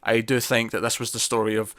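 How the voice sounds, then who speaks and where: A man's voice: medium pitch, level tone, quick pace, fairly bright tone, no room sound, studio quality. A man co-hosting a podcast, reviewing a TV episode in casual chat, rambling with many fillers and restarts.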